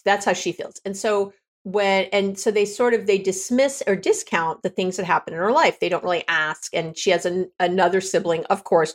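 A woman relationship coach talking candidly on a podcast, conversational and quick to correct herself. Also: mid-range voice. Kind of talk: podcast monologue.

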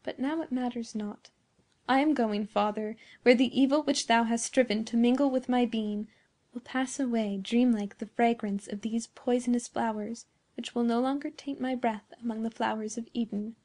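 A woman voicing a gentle, doomed young woman in a storybook reading, speaking softly and feebly. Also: a little high, steady tone, normal speed. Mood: sorrowful. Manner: soft and feeble.

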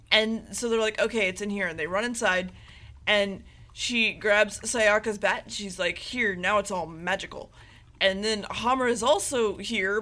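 A woman's voice: medium pitch, pushed and bright. Casual woman recapping anime on a podcast. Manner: swearing, laughing, rambling recap. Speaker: podcast co-host.

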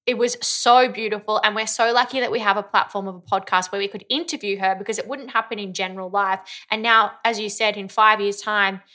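A woman's voice: medium pitch, steady tone, brisk, few pauses, bright, forceful tone. A young woman co-hosting a podcast in casual chat, bubbly and emotional, often laughing. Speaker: podcast co-host.

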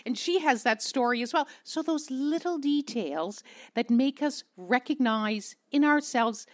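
A Canadian woman journalist telling stories on a panel, expressive, repeating words for emphasis. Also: high voice, measured pace. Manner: expressive, repeats words, acts out quoted voices. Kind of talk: animated storytelling on a panel.

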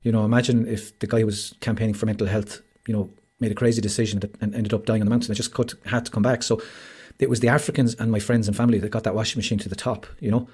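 A man's voice: lowish voice, little pitch movement, very fast, few pauses, darkish tone, breathy edge. Earnest Irish man on a video call. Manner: earnest, open storytelling with frequent "like" and "you know". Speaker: podcast guest. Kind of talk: candid conversational interview.

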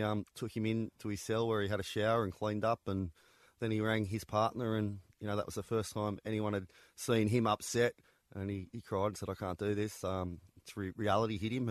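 A man with a lowish voice, speaking as the author of prison books in a relaxed interview. He talks in loose, conversational runs, full of ums and restarts. The recording is dry and close, with no room sound. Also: brisk, no room sound. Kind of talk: interview guest recounting stories.

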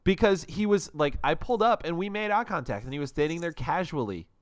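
A man co-hosting a casual podcast chat, animated and acting out the scenes he describes. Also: fairly high pitch, brisk, no room sound, clean studio sound.

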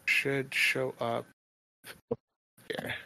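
A man running a tabletop game as game master, describing scenes slowly and in a rambling way. His voice is forceful and slightly high for a man. The sound is dry and close. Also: level tone, gravelly, no room sound.

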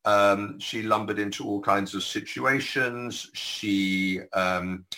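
A man's voice: fairly low pitch, fairly even intonation, slow, bright, forceful tone, low-quality recording. A British man telling political anecdotes as a podcast guest, digressive with wry asides. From Britain. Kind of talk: podcast discussion.

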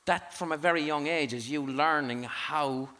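A man's voice: fairly high pitch, moderate pace. Sweary man hosting on stage. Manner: sweary, jokey and animated. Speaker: podcast host. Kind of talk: live podcast chat on stage. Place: theatre stage before a live audience.

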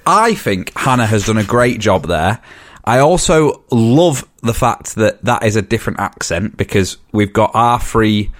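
A man's voice: on the low side, lively intonation, a little slow, few pauses. A young man in his twenties with an English accent, hosting a podcast in casual chat and often repeating words as he talks. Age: 20s. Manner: chatty, stumbles and repeats words. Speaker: podcast host.

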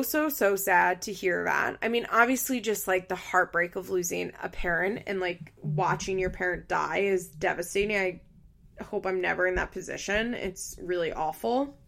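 A woman's voice: medium pitch, gravelly, fairly bright tone. A woman giving casual, blunt commentary on a reality show, swearing often and sharing her opinions.

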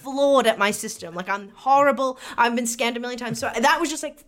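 Brief: young woman with a high voice, lively podcast storyteller who swears freely. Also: fairly quick. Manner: animated, swears freely, acts out both sides of the story. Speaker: podcast co-host. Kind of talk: casual comedic storytelling.

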